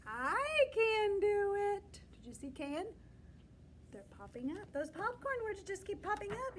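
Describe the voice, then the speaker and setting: A woman teacher reading a picture book aloud to young children, sounding out letters, coaxing them to join in, and swinging between loud cheers and soft whispers. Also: very high voice, noisy background. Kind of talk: read-aloud lesson for young kids.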